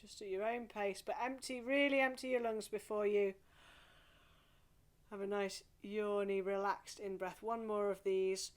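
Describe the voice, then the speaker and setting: A woman leading a singing group through a gentle warm-up, coaching softly and encouragingly. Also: medium pitch, fairly even intonation. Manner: soft, encouraging, slow coaching with playful vocal exercises.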